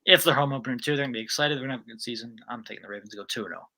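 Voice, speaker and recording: A man with a bright, forceful tone co-hosts a relaxed football picks chat. He is brisk and decisive as he runs down the list of games. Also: mid-range voice. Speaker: co-host. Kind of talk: casual sports picks chat.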